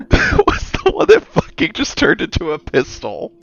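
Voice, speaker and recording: Gravelly guy laughing and chatting slowly on a muffled lo-fi call mic. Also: on the high side, wildly swooping pitch, fairly bright tone, dry recording. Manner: chatty storyteller, laughs often. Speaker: board game player. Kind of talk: casual chat over a voice call.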